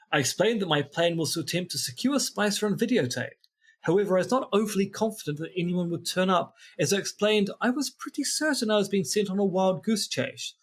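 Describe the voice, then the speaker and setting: A man's voice: fairly high pitch, husky. A man co-hosting a podcast, reading from a book with dry, wry asides. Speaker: podcast co-host. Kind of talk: reading aloud from a book in casual chat.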